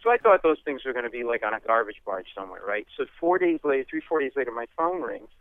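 A male comedian guest telling stories in a rapid, chatty way on a radio interview. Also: mid-range voice, big pitch swings. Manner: rapid, chatty anecdotal delivery. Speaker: comedian guest, former lawyer. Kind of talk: animated storytelling. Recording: tinny phone-like line.

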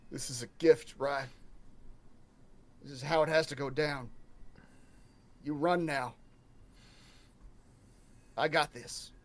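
A man playing a pale, trembling young crewman in a tabletop horror game, speaking low and steady. The voice sits fairly high and stays close to the performer's own. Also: slow, long pauses. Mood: resolved. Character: shaken, pale young man facing death.

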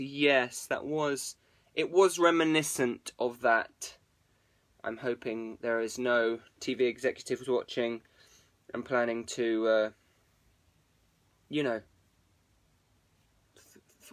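A man's voice: mid-range voice, a bit bright. A man, rambling casually and self-mockingly to viewers on a live stream.

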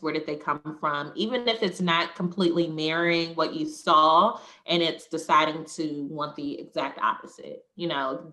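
Podcast co-host, woman, fairly low voice, thoughtful candid talk with frequent laughs. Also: fairly bright tone. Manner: reflective, laughs often, acts out quoted voices. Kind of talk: candid conversational chat.

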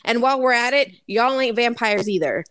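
A woman with a fairly high voice rants on a casual podcast, sarcastic and heavy on profanity. The sound is dry and close, with no room around it. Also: expressive, brisk, a bit bright, clear, resonant tone, dry recording. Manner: profane, sarcastic ranting with frequent laughter. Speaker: podcast co-host.

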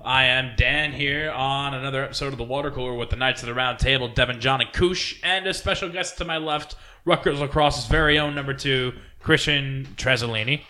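A young man hosting a podcast who tells stories in an animated, profane way and acts out the people in them. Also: mid-range voice, a little fast, few pauses. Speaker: podcast host. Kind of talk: casual storytelling chat.

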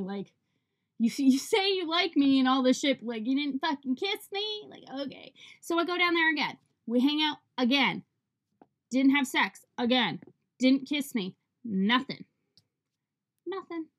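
A young woman casually telling a dating story, profane, animated and exasperated. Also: high-pitched.

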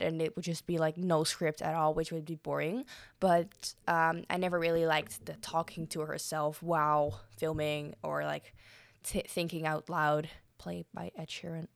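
Chatty young woman with a low voice. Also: creaky, no echo. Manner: chatty, rambling, many fillers and frequent apologies. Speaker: podcast host reviewing a film. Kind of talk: casual solo podcast review.

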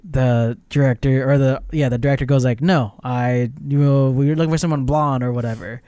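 In clean studio sound with no echo, a man's smooth, medium-pitched voice moves along fairly quickly. He co-hosts a podcast and chats about a movie, retelling it scene by scene with lots of filler words, rambling and animated as he goes.

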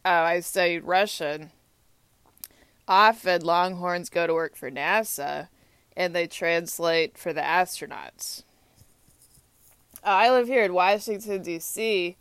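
A young woman speaks slowly in a low, smooth voice, recorded dry and close. Her casual talk wanders and repeats itself, with many filler pauses. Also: steady tone, fairly bright tone, no echo. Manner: rambling and repetitive, with frequent filler pauses. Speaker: hockey fan. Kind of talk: casual spoken monologue.

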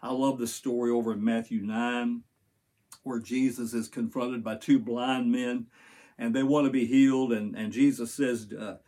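An older man delivers a Sunday sermon in a husky, slightly breathy voice. He speaks earnestly, reading scripture aloud and pausing to explain it to his congregation. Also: mid-range voice, steady tone, dark tone. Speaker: pastor.

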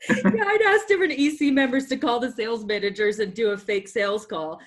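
A woman's voice: fairly high pitch, fairly quick. Chatty, enthusiastic woman host. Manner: chatty, laughs easily, enthusiastic. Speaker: podcast host. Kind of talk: casual interview chat.

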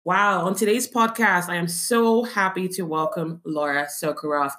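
A woman's voice: fairly low pitch, fairly even intonation, normal speed, heavy background noise. A woman hosting a podcast interview over a video call, effusive and enthusiastic. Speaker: podcast host.

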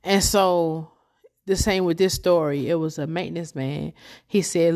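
A woman's voice: lowish voice, normal speed. A young woman hosting a podcast, telling a personal story in a rambling, chatty, emotional way. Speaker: podcast host.

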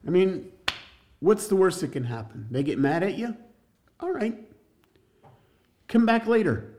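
A man's voice: on the high side, sing-song, moderate pace, a little mellow, slight background noise. Jokey, emphatic male church teacher. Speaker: evangelism teacher.

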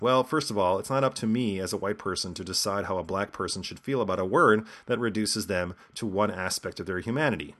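A man's voice: on the low side, a little fast, few pauses, fairly bright tone. A man hosting a podcast with scripted commentary and a sardonic, lecturing manner. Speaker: podcast host.

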